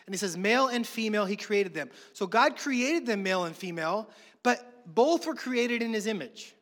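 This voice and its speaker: High-voiced man preaching in a reverberant hall. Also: animated, normal speed, a bit bright. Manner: conversational preaching with humorous family anecdotes. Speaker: pastor. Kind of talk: sermon.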